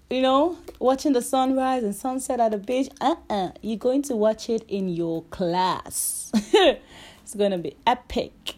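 A woman's voice: fairly high pitch, a little slow, a little mellow. A woman hosting a casual solo podcast from home, chatty and laughing often, stretching out her advice. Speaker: podcast host. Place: home, during lockdown.

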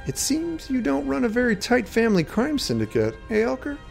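A smirking male adventurer, as a man puts him on for a fantasy story reading. His voice jumps well above the narrator's, and he teases in an amused tone. Soft music hums underneath. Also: very high-pitched, wildly swooping pitch, brisk, vocal fry, pitched above the performer's own voice, heavily acted. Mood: mocking. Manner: teasing, raised voice.

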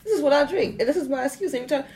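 A woman's voice: high voice, racing, a crowd in the background. A woman co-hosting a podcast in casual chat, joking and playful, laughing often. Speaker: podcast co-host. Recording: loud hiss and clicks.

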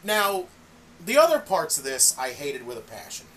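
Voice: medium pitch, moderate pace. A podcast co-host in casual chat, swearing a lot and acting out other people's outbursts as they rant. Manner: profane, animated, acts out people's outbursts. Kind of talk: casual chat reviewing wrestling.

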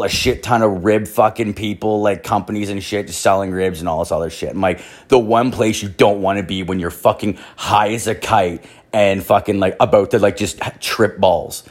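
A young man telling a long, profane, rambling anecdote, full of fillers and swearing. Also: low voice. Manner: crude, filler-heavy, swears constantly. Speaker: storyteller.

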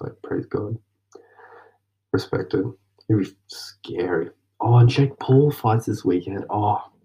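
A man's voice: deep voice, creaky, darkish tone. A young Australian man rambling in a casual late-night monologue, slangy and loose, drifting into whispers now and then. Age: young adult. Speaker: vlogger journaling. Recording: dull lo-fi mic.

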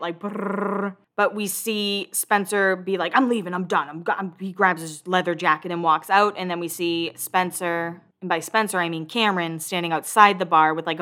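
A woman's voice: on the low side, a bit bright. A woman hosting a podcast, chatting casually and acting out quotes as she recaps a reality show. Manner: chatty, swearing, acts out quotes. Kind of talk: casual chat.

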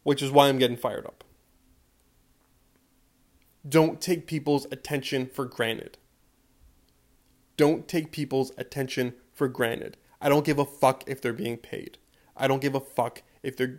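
A young man in his twenties rants on his podcast, worked up and swearing freely. He drives his point home by repeating the same line again and again, with a mid-pitched voice. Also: steady tone, normal speed. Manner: profane, repeating a refrain, emphatic. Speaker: podcast host. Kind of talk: fired-up podcast rant.

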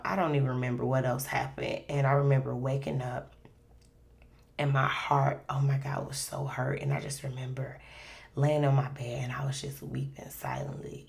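A woman's voice: deep voice, vocal fry. A woman hosting a faith podcast, telling a personal story in a rambling, conversational way full of fillers. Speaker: podcast host.

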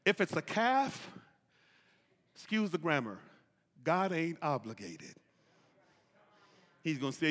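Bright, lively preacher man in reverb. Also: on the high side, takes it slowly, pauses often. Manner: impassioned call-and-response preaching; folksy, drawls "y'all" and "ain't". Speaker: pastor. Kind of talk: sermon. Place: church sanctuary.

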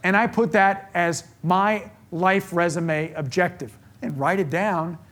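A man's voice: high voice, slow pace, fairly bright tone. A man giving a sermon in an earnest style, building his points with repeated phrases. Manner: earnest, gets emotional about faith. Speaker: speaker giving a faith talk.

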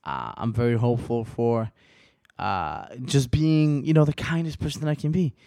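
Young male solo podcaster, twenties, rambling and profane, moody swings from hushed to riled up, dry room. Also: medium pitch, normal speed, vocal fry, no echo. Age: 20s. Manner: profane, rambling, restarts often; swings between quiet musing and riled-up rants.

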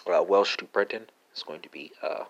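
A man hosting a language lesson podcast, talking through verb forms with lots of "uh" pauses and a habitual "right?", spelling words out letter by letter. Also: deep voice, vocal fry, fairly bright tone. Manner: halting, many "uh" fillers and tag "right?". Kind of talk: casual spoken language lesson.

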